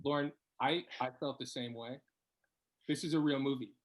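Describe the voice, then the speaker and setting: Excitable laughing quiz host. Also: mid-range voice, moderate pace. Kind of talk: playful quiz hosting.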